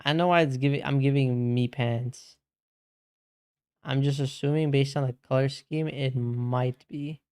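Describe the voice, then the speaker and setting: Male streamer, laid-back slangy chat, clear voice, slow delivery. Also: medium pitch, steady tone, a little mellow. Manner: slangy, calls everyone bro; reads and answers chat. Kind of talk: casual livestream chat.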